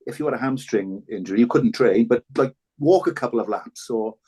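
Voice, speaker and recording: A man's voice: mid-range voice, brisk, darkish tone, breathy edge. An older Welsh man, a former rugby fullback, talking reflectively as a podcast guest, often repeating words and restarting. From Wales. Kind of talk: reflective interview talk.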